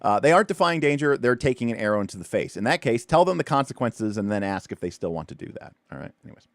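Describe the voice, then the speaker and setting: A man's voice: medium pitch, big pitch swings, quick pace, no room sound, clean studio sound. A man hosting a tabletop game livestream, explaining rules in a loose, rambling way with lots of fillers and restarts. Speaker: tabletop RPG show host.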